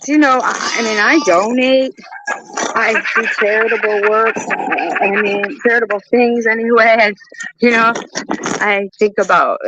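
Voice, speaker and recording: A high-voiced woman pours out her frustration in a slow, drawn-out way, swearing and choking up. She is outdoors, recorded on a phone with clear noise behind her. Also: steady tone. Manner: distraught, swearing, voice breaking into tears. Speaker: vlogger. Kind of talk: tearful venting monologue. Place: outdoors by her car in hot humid weather.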